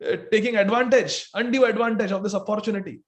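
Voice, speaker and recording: High-voiced male preacher telling a story. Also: fast talker. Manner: animated storyteller. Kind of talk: sermon storytelling.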